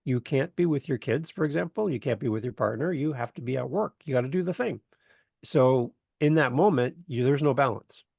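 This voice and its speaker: A man's voice: mid-range voice, brisk, gravelly, slightly rough, no echo. A man from Canada, a guest on a podcast, chatting casually and telling stories with jokes. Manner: joking, animated storyteller. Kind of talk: casual interview chat.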